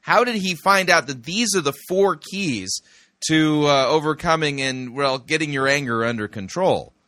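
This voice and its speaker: A man's voice: a little high, animated, moderate pace, sharp tone, dry recording, studio quality. A man reviewing a sermon, questioning its claims in a skeptical way. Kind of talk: skeptical commentary.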